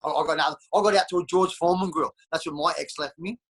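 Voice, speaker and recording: A man's voice: a little high, very fast, fairly bright tone, poor audio. A middle-aged Australian man talking bluntly and profanely in a candid interview, calling everyone mate. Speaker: interview guest.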